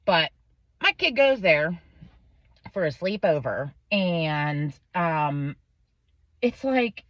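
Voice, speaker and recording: Profane, lively American mom telling a story. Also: female voice, fairly low pitch, extremely slow, dry recording. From Pennsylvania, USA. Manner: profane, animated retelling with quoted voices. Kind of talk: casual storytelling vlog. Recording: dull lo-fi dry recording.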